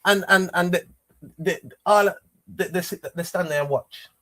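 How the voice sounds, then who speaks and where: A man's voice: sits high, moderate pace, pushed and bright. A man hosting a livestream, talking casually and rambling with many restarts and repeated phrases. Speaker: livestream host.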